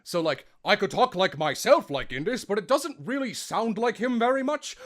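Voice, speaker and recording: A man's voice: high-pitched, lively intonation, normal speed, few pauses. A young man hosting a podcast about voice acting, chatting casually with a self-deprecating manner. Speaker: podcast co-host, voice actor. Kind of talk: casual chat.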